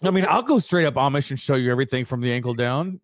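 A man's voice: mid-range voice, fast, slight background noise. A man co-hosting a podcast, talking bluntly with crude, sarcastic jokes. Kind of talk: casual podcast chat.

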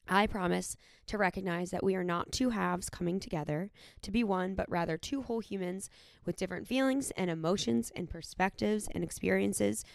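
A woman's voice: lowish voice, creaky, dry recording, clean studio sound. A woman in her thirties, a podcast co-host, reading her wedding vows aloud in a tender, sincere way.

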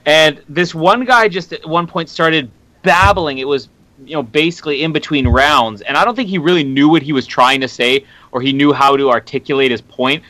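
Man, easygoing podcast chat, bright slightly high voice, dry recording. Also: normal speed, no echo, poor audio. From Canada. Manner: chuckling, easygoing storyteller. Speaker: podcast co-host. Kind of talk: casual chat.

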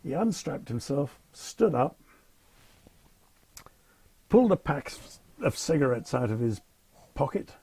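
An older man, slightly husky, spins anecdotes in a wry, understated way. His voice sits at an ordinary pitch. The sound is close and dry, with no room around it. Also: big pitch swings, slow, long pauses, warm tone, no echo. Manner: wry, understated, dryly amused. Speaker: retired airline captain telling stories. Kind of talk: anecdotal interview storytelling.

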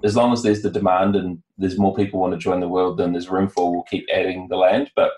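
A man from New Zealand with a New Zealand accent, a guest in a casual podcast interview, talking in a relaxed, hesitant way with many fillers. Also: sits low, fairly quick, reverberant, poor audio. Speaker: guest, founder.

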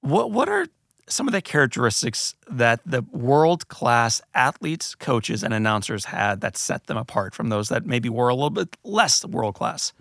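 A man's voice: medium pitch, sing-song, moderate pace, vocal fry, fairly bright tone, no echo. Man hosting an interview, dry sound. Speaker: interview host. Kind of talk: conversational interview.

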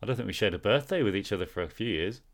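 Co-hosting a podcast, a man with a fairly low, animated voice races through a casual, playful chat. He acts out little bits as he goes.

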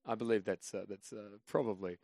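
An Australian man in his twenties tells a story on a podcast. His voice sits low and the sound is dry and close. He starts measured and low-key, then grows animated. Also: gravelly, dry recording. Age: 20s. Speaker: podcast guest, comedian. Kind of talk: casual storytelling chat.

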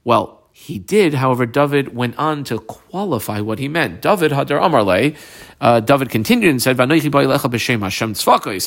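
Man explaining Talmud, casual and halting. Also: mid-range voice, sing-song. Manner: reads phrases aloud, then explains them conversationally with many fillers. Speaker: Talmud teacher. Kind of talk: casual Talmud study lesson.

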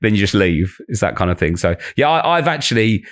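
Fast-talking man. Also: lowish voice, very animated. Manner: quick anecdotal storytelling with laughs and swearing. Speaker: comedian guest. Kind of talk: casual podcast chat, storytelling.

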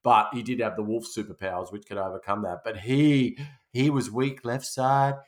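A man's voice: lowish voice, steady tone, normal speed. A man, co-hosting a casual movie-review podcast, rambling and restarting his sentences. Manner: rambling, self-interrupting, laughs at own jokes. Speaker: podcast co-host.

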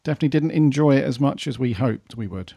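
A man hosts a casual chat podcast in a brisk, matter-of-fact and jokey way. His voice sounds close and dry. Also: mid-range voice, animated, vocal fry, warm tone, slightly rough, no echo. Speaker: podcast co-host.

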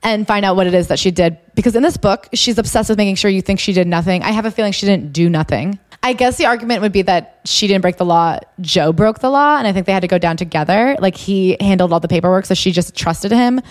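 A woman's voice: quick pace, few pauses, no echo. Young woman podcast host, sarcastic, voice shoots up when she's exasperated, dry mic. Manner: sarcastic, incredulous, pitch jumps when exasperated. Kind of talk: casual chat reading from a book.

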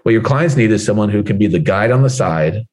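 A man with a fairly low voice talks casually and loosely, circling back with restarts and "like" fillers. He speaks as a guest on a video call. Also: expressive, brisk, darkish tone. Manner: rambling, many "like" fillers and restarts; acts out panicked voices in a high squeal. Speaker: guest speaker, real estate agent coach. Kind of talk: casual motivational talk.

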